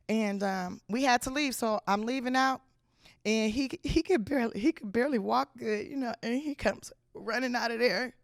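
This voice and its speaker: A woman comedian from Los Angeles telling a comic story from her own life in slangy, animated speech. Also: fairly high pitch, normal speed, no room sound, clean studio sound. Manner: animated, slangy, acts out the people in her stories.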